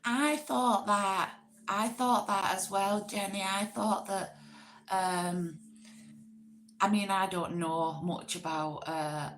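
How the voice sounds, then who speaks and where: A woman hosting a relaxed livestream chat, praising other creators and greeting viewers in the chat by name. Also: medium pitch, slow pace, rough recording. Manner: gushing, repeats herself, greets chat members. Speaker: livestream host. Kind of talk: casual chat with live viewers.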